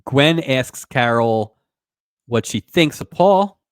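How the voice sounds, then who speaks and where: A man's voice: mid-range voice, expressive, takes it slowly, clean tone, no echo, clean studio sound. A man co-hosting a podcast, recapping an old TV episode in casual chat and laughing often. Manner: laughs often, retells scenes with put-on voices. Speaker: podcast co-host.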